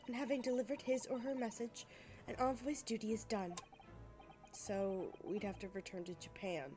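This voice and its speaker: A woman voicing a polite, composed young female assistant in a video game, speaking in a measured way. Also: a little high, fairly even intonation, music in the background, lightly acted.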